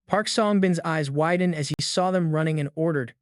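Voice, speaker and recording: Male recap narrator, slightly high voice, dry close-mic read, flat scripted delivery for all parts. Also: moderate pace, few pauses, clean tone, dry recording.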